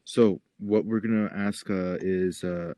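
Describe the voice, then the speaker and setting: A man's voice: sits low, fairly even intonation, a little slow, warm tone, no room sound. A young man co-hosting a podcast, talking in a laid-back, offhand way. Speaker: podcast co-host. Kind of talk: casual chat.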